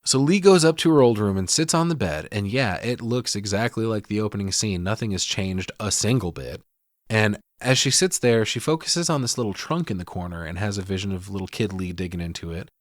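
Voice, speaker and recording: A man co-hosting a podcast, recapping a film in casual, profane, animated storytelling. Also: lowish voice, a little fast, dry recording, studio quality. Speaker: podcast co-host.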